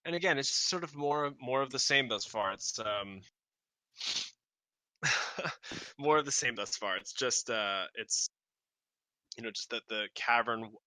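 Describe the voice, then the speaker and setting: A man running a tabletop game, searching for words as he narrates, with many fillers and repeated phrases. His voice is bright and close, with no room sound around it. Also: medium pitch, lively intonation, no echo. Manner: rambling, halting, with many fillers and restarts. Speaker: game master.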